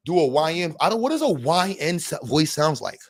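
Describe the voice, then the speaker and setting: A man's voice: on the high side, sing-song, a little fast, dry recording, studio quality. A man from New York streaming live and chatting casually, joking, cursing and laughing often.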